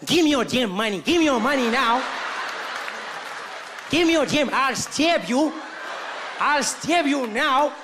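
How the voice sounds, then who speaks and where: A man putting on the voice of a bumbling robber who makes loud but unconvincing threats. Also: very high-pitched, lively intonation, unhurried, long pauses, a crowd in the background, background noise. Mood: blustering. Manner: blustering, shouting, laughing.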